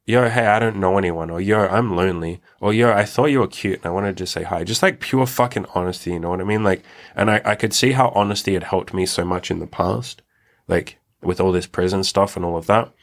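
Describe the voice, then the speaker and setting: Young male podcast host, very low voice, candid and reflective, casual swearing. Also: fairly quick. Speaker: podcast host telling his own story. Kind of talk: candid personal storytelling.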